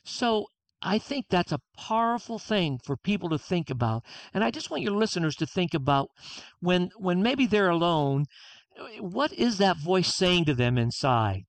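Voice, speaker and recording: Man, author guest, earnest, acts out inner voices, higher voice, dry close recording. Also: very animated, moderate pace, no room sound. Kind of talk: interview conversation.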